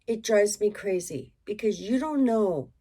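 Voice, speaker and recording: A middle-aged woman who resells goods chats openly to the camera in a mid-range, dark-toned voice. She's animated but unhurried, rambling emotionally with plenty of asides.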